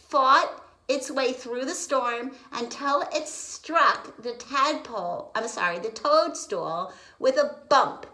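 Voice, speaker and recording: A woman's voice: a little high, sharp tone, rough recording. A woman reading a picture book aloud to preschoolers, explaining words and asking questions. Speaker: preschool story reader. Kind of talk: children's read-aloud lesson.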